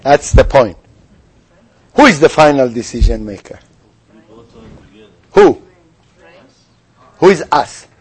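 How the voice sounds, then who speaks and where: A man's voice: mid-range voice, sing-song, takes it slowly, pauses often, breathy edge. A man teaching a spiritual lesson who asks his listeners questions and acts out the figures in the story. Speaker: religious teacher.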